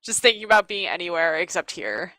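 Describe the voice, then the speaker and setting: Brief: casual woman player, bright tone, dry recording. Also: fairly low pitch, sing-song, fairly quick, no echo. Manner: casual, giggly. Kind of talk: narrating a tabletop game.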